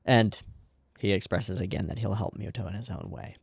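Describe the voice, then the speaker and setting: A man talking through an anime episode in loose, casual commentary, his pitch swooping up and down as he gets excited. He rambles, restarts and swears without a second thought. The sound is close and dry, with no room around it. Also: normal speed, vocal fry, slightly rough, no echo. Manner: animated, rambling, swears freely. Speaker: anime reaction channel host.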